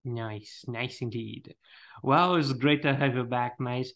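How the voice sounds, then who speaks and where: A man's voice: mid-range voice, slow pace, fairly bright tone. A man hosting a podcast, chatting casually and teasing his co-host, often laughing. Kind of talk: casual chat.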